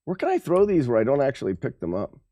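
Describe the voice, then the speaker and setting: A man's voice: medium pitch, wildly swooping pitch, quick pace, warm tone, no echo, studio quality. A man streaming a game live, talking to his chat with playful trash talk. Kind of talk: live gameplay commentary to chat.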